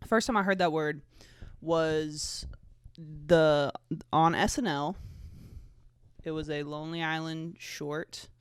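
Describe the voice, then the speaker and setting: A twenty-five-year-old host with a slight Southern US accent talks alone on a casual podcast, rambling, joking, swearing and making fun of himself. The voice is medium-pitched, clear and resonant, with studio-quality sound and no room sound.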